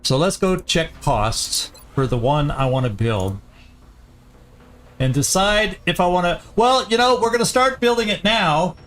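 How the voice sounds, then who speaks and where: A man hosting a let's play, giving casual gameplay commentary as he thinks aloud, often halting and restarting. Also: sits high, expressive, fairly bright tone.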